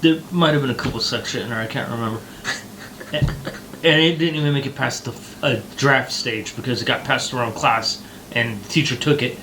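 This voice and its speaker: A man's voice: mid-range voice, a little fast, background noise. A man co-hosting a casual talk show, ranting heatedly and swearing often. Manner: profane, heated ranting with mocking put-on voices. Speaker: podcast co-host.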